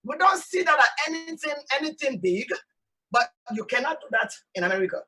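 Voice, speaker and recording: Sierra leonean lady host, bright kinda high voice, emphatic, a bit far from the mic. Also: fairly quick. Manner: animated, emphatic, repeats "no, no, no". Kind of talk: casual talk show monologue. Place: outdoors in hot sun.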